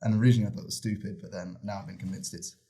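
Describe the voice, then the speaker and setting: A man's voice: fairly low pitch, steady tone, rapid-fire, dark tone. A man co-hosting a podcast, talking eagerly in casual chat and often restarting sentences. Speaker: podcast co-host. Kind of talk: casual film review chat.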